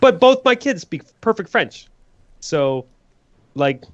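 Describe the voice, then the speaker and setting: A man co-hosting a casual gaming podcast, telling stories in a joking, animated way. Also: high-pitched, slow, no echo. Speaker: podcast co-host. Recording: dull, dry podcast mic.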